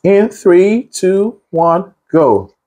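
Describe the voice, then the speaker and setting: Husky male vocal coach. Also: on the high side, animated, moderate pace, a little mellow, soft background music. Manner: encouraging, explains with analogies. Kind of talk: one-on-one singing lesson.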